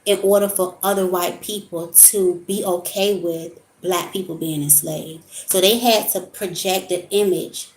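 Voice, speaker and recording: A woman's voice: on the low side, fairly even intonation, a little slow, few pauses, slight background noise. A woman vlogger talking casually about spiritual topics in a rambling, storytelling way. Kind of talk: casual monologue. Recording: echoey room.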